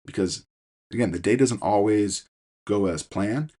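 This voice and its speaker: A man's voice: lowish voice, unhurried, warm tone. A middle-aged man hosting his own fitness podcast, talking casually with frequent fillers and restarts as he coaches listeners. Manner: conversational, many fillers and restarts. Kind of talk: casual solo podcast talk.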